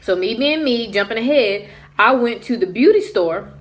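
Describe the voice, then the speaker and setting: A young adult woman vlogger telling a casual story, animated and acting out what other people said. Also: a little high, normal speed, slight background noise.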